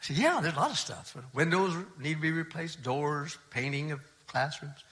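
An older man, a pastor, telling a story from his ministry in a relaxed, conversational sermon. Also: on the high side, moderate pace.

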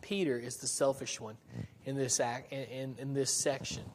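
A man's voice: medium pitch, level tone, moderate pace, darkish tone, long reverb tail, slight background noise. A man preaching a sermon in a church, talking in a conversational way with frequent restarts and rhetorical questions. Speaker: pastor.

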